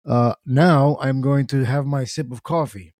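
Man hosting a casual talk show, warm mellow voice, dry close sound, relaxed and chatty. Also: medium pitch, unhurried, dry recording. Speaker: podcast host.

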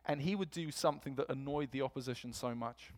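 A man's voice: medium pitch, fast. A man preaching a sermon in a church, telling stories and acting out quotes with energy. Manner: storytelling, animated quotes.

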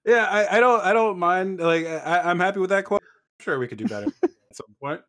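A man's voice: sits high, lively intonation, a little fast, fairly bright tone. A man hosting a podcast, chatting casually and teasing his co-hosts with jokes. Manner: joking, teasing banter. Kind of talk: casual group chat.

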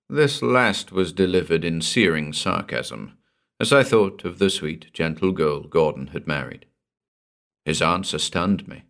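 A man narrating a horror story for an audiobook in a dramatic, expressive storytelling manner. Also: sits low, a little slow, creaky.

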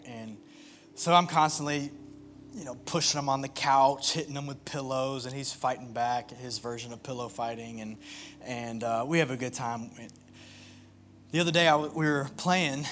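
A young man preaching and telling a personal story in an earnest, confessional way, often halting and restarting. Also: medium pitch, a bit bright, a little hiss or hum. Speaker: worship pastor.

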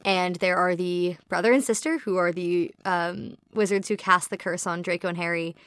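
Woman co-host, casual storytelling chat, dry close sound, animated retelling. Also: fairly low pitch, normal speed, clean tone, dry recording. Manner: animated, swears, retells scenes with quoted lines. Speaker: podcast co-host.

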